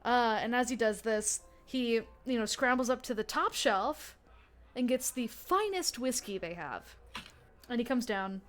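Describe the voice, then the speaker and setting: A woman's voice: on the high side, expressive, unhurried. A woman running a tabletop role-play game as game master, narrating in a chatty way full of fillers and restarts. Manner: chatty, lots of fillers and self-corrections.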